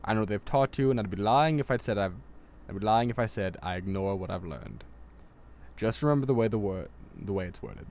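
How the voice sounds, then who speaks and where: A man voicing a stern, composed male mentor in a game let's-play, speaking in a calm, measured, commanding way. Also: fairly low pitch, gravelly. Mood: persuading. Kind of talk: amateur let's-play voice acting.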